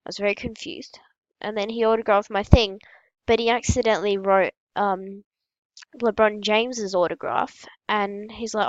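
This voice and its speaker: A female gaming host telling absurd, made-up stories in a casual, matter-of-fact, deadpan way while opening packs. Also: mid-range voice, normal speed, no room sound, muffled recording.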